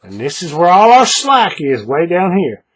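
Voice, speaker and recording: A man with a higher, animated voice and a husky edge walks a viewer through a craft tutorial. He is patient and repeats each step, often pausing to check the viewer is following. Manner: patient, repeats steps, checks in with "all right?". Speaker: paracord bracelet instructor.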